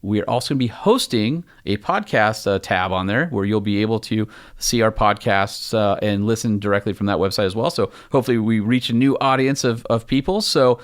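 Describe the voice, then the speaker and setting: A man's voice: fairly low pitch, brisk. A man co-hosting a podcast in a conference room, chatting casually in an upbeat, rambling way with lots of fillers. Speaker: podcast co-host.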